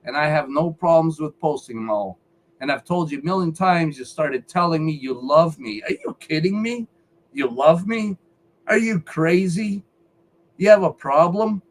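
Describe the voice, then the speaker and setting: A man's voice: a little high, animated, moderate pace, poor audio. A man giving a heated, profane rant on a live stream, repeating himself as he talks. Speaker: featured speaker on a live call-in show.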